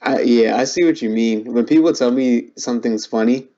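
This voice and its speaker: A man's voice: medium pitch, moderate pace, warm tone. A young man as a guest in a casual chat, easygoing and agreeable, who hedges a lot with "like". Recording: muffled lo-fi recording.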